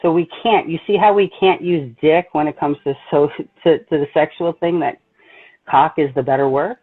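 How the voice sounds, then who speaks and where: On a tinny, phone-like line, a Jersey-accented woman from New Jersey runs a laid-back psychic medium livestream, blunt and animated in her storytelling. She speaks at a moderate pace in a low, slightly rough voice with fairly even intonation.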